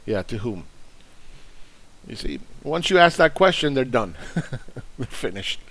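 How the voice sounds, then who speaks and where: A man's voice: mid-range voice, big pitch swings, takes it slowly, fairly bright tone, dry recording. Angry, profane man ranting about money. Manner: angry, sarcastic, profane, mocking. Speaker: investing channel host. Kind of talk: ranting commentary.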